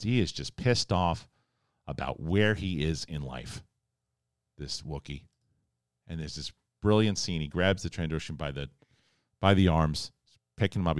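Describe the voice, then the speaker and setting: A man giving a casual, rambling spoiler review, animated and joking, acting out characters' lines now and then, with some swearing. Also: very deep voice, dry recording, clean studio sound. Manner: rambling, conversational, mild swearing. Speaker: TV show reviewer.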